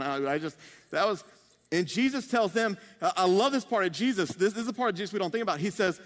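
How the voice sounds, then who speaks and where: A man's voice: high voice, animated, quick pace, fairly bright tone. A male pastor preaching a sermon in a humorous, conversational way, with playful asides. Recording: long reverb of a large hall.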